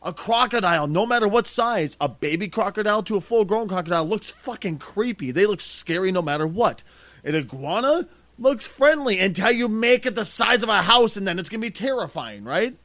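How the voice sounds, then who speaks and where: A man co-hosting a casual podcast, swearing freely and ranting with lively energy. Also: sits high, fairly quick, no room sound. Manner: profane, animated ranting. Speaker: podcast co-host.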